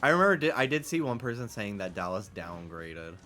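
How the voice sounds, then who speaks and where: Animated, bright-voiced male streamer. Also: lowish voice, fairly quick, soft background music. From United States. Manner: rambling, profane, sarcastic, laughs often. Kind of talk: casual stream chat.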